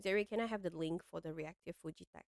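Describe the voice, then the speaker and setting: A young woman with a Malaysian English accent hosting a casual live stream, excitable and giggly, her voice jumping high when she gets flustered. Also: fast talker. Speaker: VTuber streamer host.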